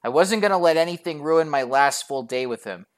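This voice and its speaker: A woman's voice: low voice, expressive, brisk. A woman narrating a storytime vlog in a profane, sarcastic, exasperated way.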